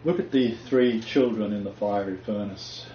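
Heard through a dull, roomy, lo-fi recording with faint noise, a man leads a relaxed Bible discussion, emphatic like a preacher and laughing a lot. His voice sits on the low side, mellow, at normal speed.

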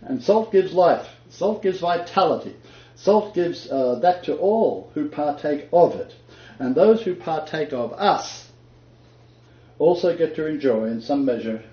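An older man speaks in a warm, mellow voice with emphatic, preacherly delivery and a habit of chuckling between points. He sounds slightly raised in pitch for a man. The recording is roomy and dull, as if captured in a reverberant room with lo-fi gear. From Australia. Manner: emphatic, chuckling, quotes scripture. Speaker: Christian teacher. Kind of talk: conversational sermon-style talk.

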